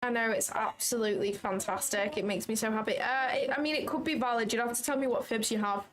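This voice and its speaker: A woman's voice: a little high, fairly even intonation, fast, a little hiss or hum. A young British woman hosting a casual livestream, joking and bantering with her chat and cursing now and then. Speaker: livestream trading host.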